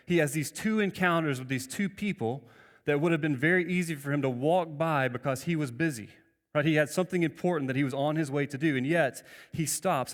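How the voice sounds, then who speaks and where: A man's voice: fairly high pitch, big-room sound. A man preaching a sermon earnestly, with frequent restarts and rhetorical questions to the congregation. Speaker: pastor.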